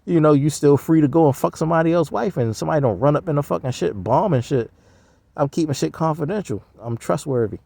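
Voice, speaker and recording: A man's voice: on the high side, fast talker, creaky, dark tone, no room sound. A man rambling in a profane, slangy casual monologue. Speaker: vlogger.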